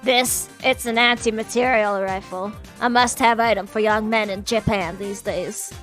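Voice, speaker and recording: A woman putting on a suave gentleman dove with a French lilt. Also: medium pitch, steady tone, normal speed, soft background music, close to an everyday voice. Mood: smooth courtly. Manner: courtly, with a put-on French accent. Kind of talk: live-streamed game reading.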